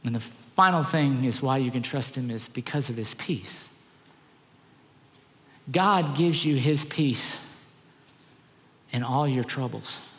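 A man's voice: medium pitch, slow pace, long pauses, fairly bright tone, big-room sound. A man preaching a sermon as pastor, earnest and emphatic, repeating key phrases.

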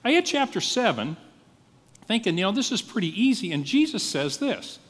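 A male pastor preaching a sermon, telling his story in a lively, animated way and acting out his own thoughts. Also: high voice, normal speed, long reverb tail.

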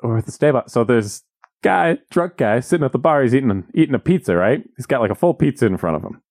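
A man's voice: medium pitch, fast, dry recording, studio quality. A man co-hosting a podcast, telling stories in casual banter and acting out quotes with exaggerated voices. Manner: animated, jokey, acts out quotes in exaggerated voices. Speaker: podcast co-host.

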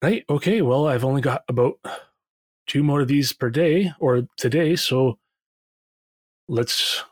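A man voicing a kindly human woman cleric who runs a healing house, polite and brisk. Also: very deep voice, a little mellow, no room sound, studio quality.

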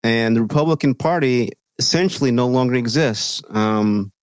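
A man's voice: mid-range voice, moderate pace, clear, resonant tone, no room sound. A man co-hosting a podcast, talking politics in casual, profane, sarcastic chat. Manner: profane, sarcastic, mocking quoted voices. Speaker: podcast co-host.

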